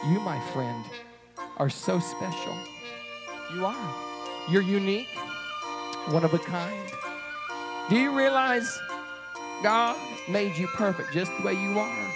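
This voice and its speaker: A man leading a children's church puppet show, animated and coaxing as he tells a story to the kids. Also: sits high.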